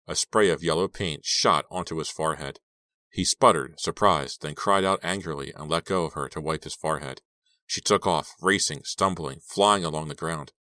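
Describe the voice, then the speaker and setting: A man narrating an audiobook in an even, steady storytelling voice. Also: extremely low pitch, dry recording, studio quality.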